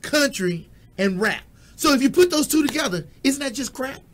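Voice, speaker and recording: A man with a strikingly high voice co-hosts a casual music talk show. He launches into animated, profane rants full of jokes, shouting when he gets worked up. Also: moderate pace, a little hiss or hum. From Texas. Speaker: co-host. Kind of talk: casual radio-style chat.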